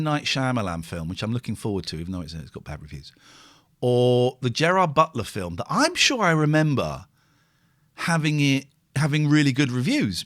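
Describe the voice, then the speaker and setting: A middle-aged man, hosting a casual chat and talking in an animated, exclamatory way with plenty of swearing. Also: mid-range voice. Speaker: host.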